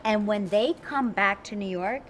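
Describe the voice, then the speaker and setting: A woman in her forties co-hosting a talk show, telling stories in a bubbly, rapid way full of fillers. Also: medium pitch, a little hiss or hum. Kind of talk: animated interview chat.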